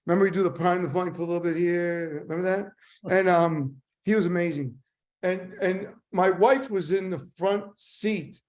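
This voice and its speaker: An older man, a sales trainer, telling casual stories in a rambling, animated way. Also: high-pitched, normal speed. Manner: animated, rambling anecdotes with voice impressions. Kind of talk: casual storytelling.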